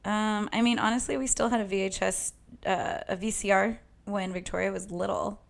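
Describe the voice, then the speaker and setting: A woman's voice: mid-range voice, fairly even intonation, moderate pace, creaky. A middle-aged woman in casual conversation, teasing and laughing between phrases. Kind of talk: casual chat.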